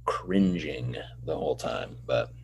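A man co-hosting a casual podcast chat, teasing his partner with quick asides. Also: rumbling low, animated, creaky, breathy edge. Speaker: podcast co-host.

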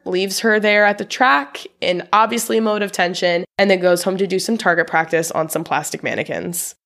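A woman's voice: on the low side, fairly bright tone. A woman co-hosting a podcast, casually recapping a film from her notes and laughing often. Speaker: podcast co-host.

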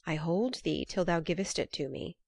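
A woman's voice: deep voice, normal speed, gravelly, no room sound. A woman reading the lines of a cunning male trickster god in a myth, in a formal, archaic way of speaking.

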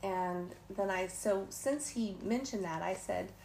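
A woman's voice: medium pitch, slow, creaky, a little mellow. A woman telling a travel story in casual, chatty talk, laughing now and then and quoting others in passing. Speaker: vlogger. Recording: faint background noise.

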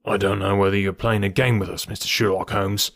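A man's voice: lowish voice, flat delivery, fairly quick, vocal fry, dry recording, studio quality. A man voicing an angry, indignant police inspector in a Victorian detective audiobook. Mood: irritated. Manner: loud, indignant, exasperated.

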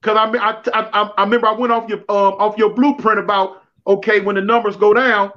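Briskly and in a high voice, a man recounts time in prison during a livestream call. His street talk is slangy, repetitive and lively, and the recording has a dull, lo-fi quality.

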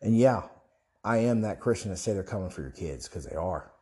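A man's voice: low voice, animated, brisk, a little mellow. A young man delivering an impassioned, preachy monologue as a Christian online commentator, rambling, restarting and asking rhetorical questions.

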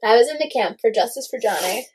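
A young woman in casual gossip chat, animated and full of "like" fillers, swearing freely. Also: fairly high pitch, fast talker, breathy edge.

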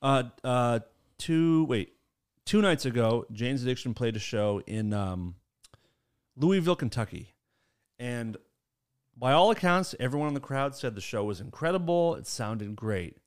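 A man hosting a casual chat, telling stories in an animated way and laughing between sentences. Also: mid-range voice, a little slow, clear, resonant tone. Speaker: podcast host.

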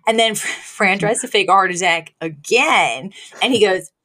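A woman's voice: medium pitch, normal speed. A woman co-hosting a podcast, retelling a sitcom episode in casual chat and laughing often. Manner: animated storyteller, laughs often. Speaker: podcast co-host.

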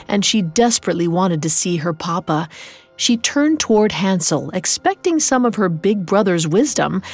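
A woman narrating a scripted storybook in a calm, unhurried way. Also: mid-range voice. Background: faint music.

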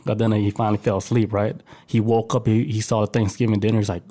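Mellow-voiced man telling profane stories. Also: on the low side, level tone, fast. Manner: profane, laid-back storytelling. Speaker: podcast co-host. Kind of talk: casual podcast chat.

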